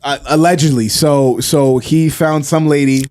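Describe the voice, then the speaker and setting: A man co-hosting a podcast in loose, casual chat. His voice sits a little high for a man, and he tells stories with lots of slang and frequent laughter. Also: unhurried. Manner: animated storyteller, laughs often, slangy. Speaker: podcast co-host.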